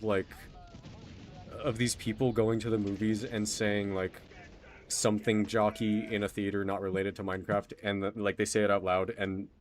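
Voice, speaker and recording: A young man from Texas chatting casually while he streams a game. His voice sits a little low. He rambles, puts himself down and is quick to say sorry. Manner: rambling, self-deprecating, quick to apologize. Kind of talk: casual gaming stream chat.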